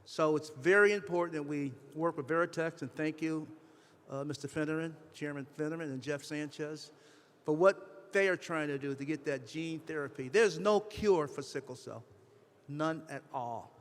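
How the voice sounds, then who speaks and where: A man's voice: fairly high pitch, normal speed. Impassioned man speaking in an echoey hall. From western Massachusetts. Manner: impassioned, rising to emotional emphasis. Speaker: legislator speaking at an event. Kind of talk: public speech. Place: large hall at a state house.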